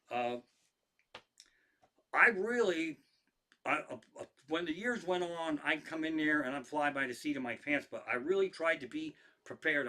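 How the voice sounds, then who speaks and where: A man's voice: on the high side, pushed and bright. A man, a stand-up comedian, telling rambling, profane stories to a live stream audience, often restarting his sentences. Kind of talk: casual storytelling to a live stream.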